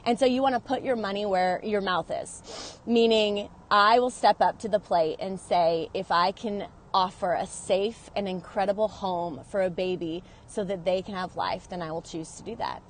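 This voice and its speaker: A woman's voice: medium pitch, steady tone, moderate pace, slight background noise. A woman sharing a personal story in a confessional vlog, earnest and openly emotional, talking into her phone in and around her car. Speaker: vlogger.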